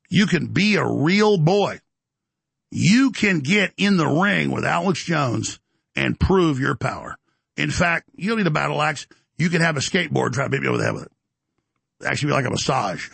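An older male host in a bombastic, taunting rant. His voice is extremely gravelly and husky, sits a bit high for a man, and sounds close and dry. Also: sing-song, normal speed, a bit bright, no echo. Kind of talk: heated on-air rant.

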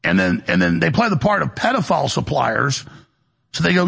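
A man's voice: mid-range voice, huge pitch swings, a little fast, vocal fry, a bit bright, slightly rough. A man hosting a broadcast show from a studio, talking in an agitated, rambling monologue that is full of repeated words and restarts. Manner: agitated, repetitive, with many restarts. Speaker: radio and web show host.

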